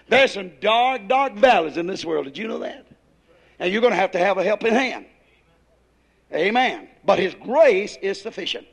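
A man preaches a revival sermon in a high, ringing voice. His talk is folksy and plain, and he swells into shouted emphasis. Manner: rises to shouted emphasis, folksy Southern grammar.

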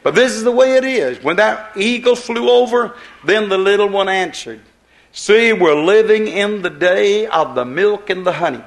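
A man's voice: high-pitched, animated, moderate pace. A man preaching a sermon, telling a parable in a rambling, repetitive way. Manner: rambling storytelling with repeated phrases.

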